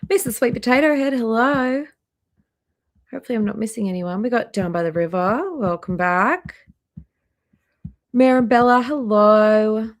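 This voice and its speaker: A woman hosting a casual live stream, chatty and greeting viewers by name one after another, a little hoarse, talking into a laptop microphone indoors. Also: fairly high pitch, normal speed, pauses often. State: slightly hoarse, clearing throat. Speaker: livestream host. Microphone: laptop microphone near trackpad.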